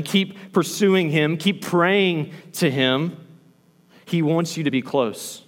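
A man preaching a sermon as a pastor, animated, acting out the lines he quotes. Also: a little high, big-room sound.

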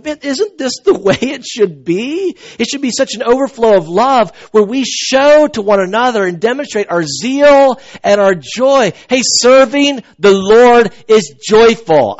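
A middle-aged man from the American South preaches with an earnest, animated energy, often backing up and restarting his sentences. His voice sits high for a man. The recording sounds dull and lo-fi. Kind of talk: sermon.

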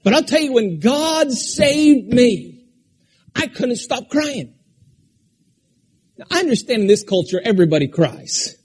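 A man from Alaska delivers a sermon in a high, husky voice. He jumps from loud, forceful proclamations to soft, personal asides aimed at one person in the pews. The rhythm is pastoral and unpredictable. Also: sing-song, a little slow, long pauses. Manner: preaching with sudden shouts and drops to a quiet conversational tone.

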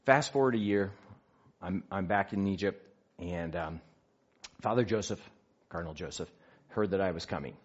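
A man telling a personal story in an animated way, acting out the quotes. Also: low voice, normal speed, pauses often, breathy edge. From United States. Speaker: speaker sharing a faith story. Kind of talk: storytelling talk. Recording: dull lo-fi recording.

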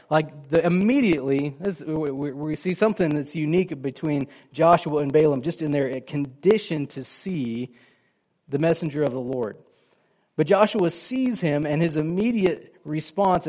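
A man's voice: on the high side, a little mellow. A man preaching a sermon in a conversational way, asking his listeners questions and acting out the lines of the people in his story. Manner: conversational, asks the congregation questions, acts out quoted lines. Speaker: pastor.

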